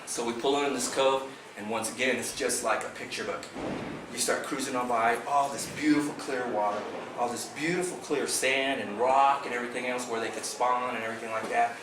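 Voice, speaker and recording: A man recounts a fishing day to his club, animated and vivid, punching out sound effects and quoting people along the way. He's picked up from a distance by a camera in a roomy hall. A steady background noise sits under his voice. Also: medium pitch, a little fast. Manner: excited, vivid, acts out sounds and quotes. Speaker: bass fishing club member. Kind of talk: animated storytelling to a club meeting. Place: club meeting room. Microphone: far camera.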